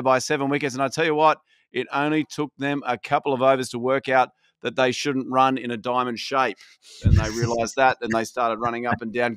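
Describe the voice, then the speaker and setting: A man's voice: medium pitch, a bit bright, smooth, no echo, studio quality. A man hosting a podcast, opening the show in a jokey, emphatic way. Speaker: podcast host. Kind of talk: comedic podcast intro.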